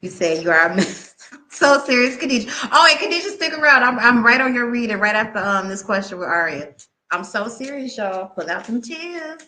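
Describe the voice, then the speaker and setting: Woman, tarot reader, animated, slangy, bright tone. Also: a little high, slight background noise. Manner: animated, laughing, slangy and candid. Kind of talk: live tarot reading and storytelling.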